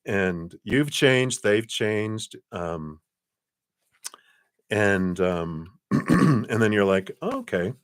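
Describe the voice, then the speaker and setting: A man's voice: lowish voice, animated, extremely slow, pauses often, clear, resonant tone, dry recording, clean studio sound. A man doing a live-streamed tarot card reading, talking in a chatty, rambling way with frequent laughs and spiritual blessings.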